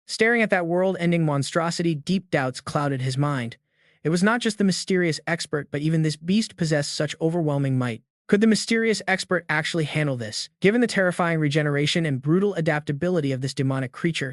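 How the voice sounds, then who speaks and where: A man's voice: a little high, no room sound, studio quality. A man narrating a dramatic story recap in a scripted, storytelling manner.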